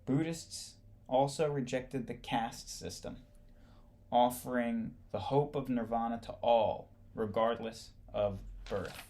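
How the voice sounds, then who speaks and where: A man who serves as an instructor, reading a history textbook aloud in a halting way, stumbling over words and rereading them. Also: mid-range voice, a little mellow.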